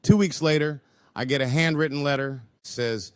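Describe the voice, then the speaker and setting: A man with a smooth, resonant voice tells wry stand-up stories. His voice is recorded dry and close, with no room sound. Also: fairly high pitch, normal speed, no room sound. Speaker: comedian. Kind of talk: stand-up routine.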